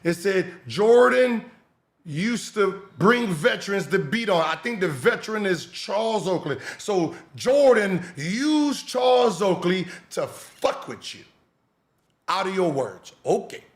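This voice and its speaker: Male podcast host, sarcastic reactor, high animated voice, roomy sound. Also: takes it slowly. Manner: mocking, sarcastic, shouts and laughs. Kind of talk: reacting to clips.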